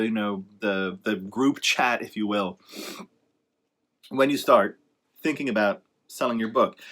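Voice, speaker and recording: An author with a mid-range voice that sounds pushed and bright gives casual motivational advice to writers. He rambles and corrects himself as he goes, emphatic and encouraging, with sarcastic asides.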